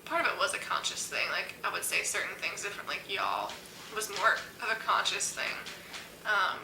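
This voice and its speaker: A woman's voice: mid-range voice, a little fast, creaky, sharp tone. A young woman from Maryland whose accent has picked up a Southern American sound, talking casually in an interview with lots of "like" and "um". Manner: chatty, many fillers like "like" and "um". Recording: echoey room with faint hum.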